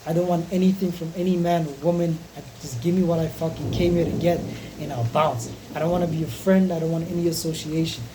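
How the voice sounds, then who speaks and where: A man's voice: a little high, level tone, quick pace, noisy background. A man in his twenties speaking in a frank, raw, profane confessional vlog monologue. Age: 20s.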